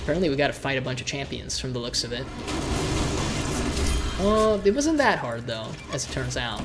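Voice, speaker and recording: A man's voice: mid-range voice, big pitch swings, brisk, over loud music. Loose, irreverent man streaming a game. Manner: loose, irreverent, often repeating words as he restarts. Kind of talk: live gameplay commentary.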